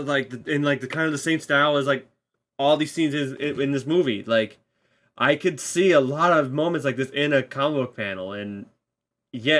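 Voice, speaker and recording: Bright-voiced man rambling about movies. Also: mid-range voice. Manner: rambling, restarts sentences, casual swearing. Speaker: guest. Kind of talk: casual spoiler chat.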